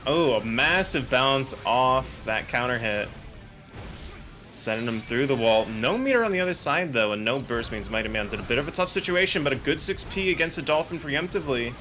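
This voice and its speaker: A man commentating an online fighting game tournament, calling moves quickly and joking between plays. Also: mid-range voice, slight background noise. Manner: excitable, joking, rapid technical call-outs. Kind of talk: esports play-by-play commentary. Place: home setup, online broadcast.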